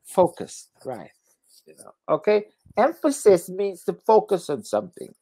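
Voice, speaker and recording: Tired male English tutor, patient, repeats and rephrases words slowly. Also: high-pitched, huge pitch swings, mellow, slightly rough. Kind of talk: one-on-one English lesson.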